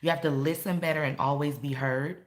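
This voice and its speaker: A woman in her thirties talking casually to camera, animated, laughing and swinging between loud and soft. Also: low-pitched, brisk. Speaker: vlogger.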